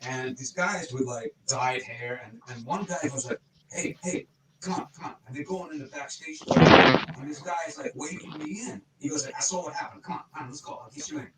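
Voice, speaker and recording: A man's voice: mid-range voice, brisk, roomy sound, distant mic, heavy background noise. A man telling rambling, profane anecdotes in a casual podcast chat.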